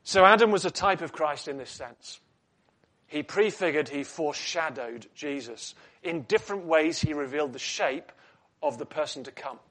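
A man's voice: a little high, expressive, moderate pace, fairly bright tone. A man preaching a sermon in an earnest teaching tone, asking rhetorical questions and adding light asides.

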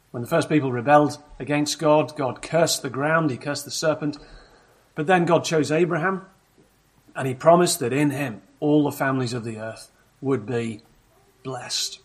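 A man preaching a sermon in a measured, explanatory way, often asking rhetorical questions of the congregation. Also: mid-range voice, fairly even intonation, gravelly, husky.

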